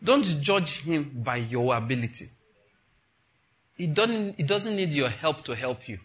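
A middle-aged man, preaching a sermon as a pastor in an animated, conversational way. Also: on the high side, unhurried. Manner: animated and conversational, acting out dialogues.

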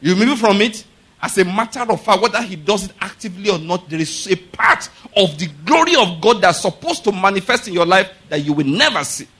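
A man's voice: high voice, lively intonation, a little fast, a bit bright, slightly rough. A man preaching a sermon, emphatic and direct, often asking his listeners rhetorical questions.

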